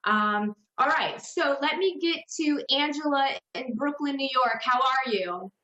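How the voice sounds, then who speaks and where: A woman hosting a call-in psychic radio show, giving slow, hesitant readings full of fillers and restarts. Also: high-pitched, pushed and bright, roomy sound, lo-fi sound.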